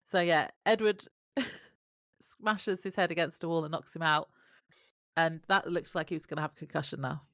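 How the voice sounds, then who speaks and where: Female co-host, low gravelly voice, dry close sound, chatty and quick to laugh. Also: steady tone, fairly bright tone, no echo. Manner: chatty, laughs often, trails off mid-thought. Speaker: podcast co-host. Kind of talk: casual recap chat.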